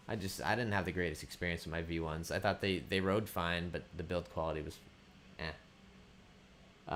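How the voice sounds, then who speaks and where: A man from the Boston area hosting a casual livestream, relaxed, with many fillers, reading viewer questions aloud and answering them. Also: lowish voice, a little hiss or hum. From Boston area, United States. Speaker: livestream host.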